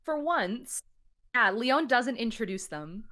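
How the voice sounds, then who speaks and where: A woman playing in a tabletop game, relaxed with dry humor. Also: a little high, measured pace. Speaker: player. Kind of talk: casual tabletop play.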